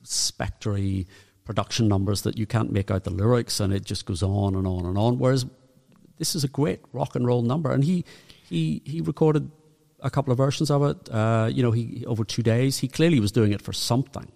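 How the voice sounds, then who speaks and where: A man's voice: medium pitch, brisk, vocal fry, mellow, in a large hall. A man with a Northern Irish accent co-hosting a podcast, chatting casually and reeling off dates and facts. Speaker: podcast co-host. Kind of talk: casual chat.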